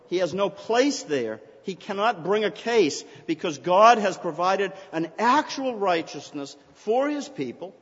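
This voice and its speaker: A man preaching a sermon, explaining scripture earnestly and lifting his voice when he reads the verses aloud. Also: high voice. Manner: earnest, rising to emphatic scripture readings. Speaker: pastor. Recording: dull recording in a reverberant hall.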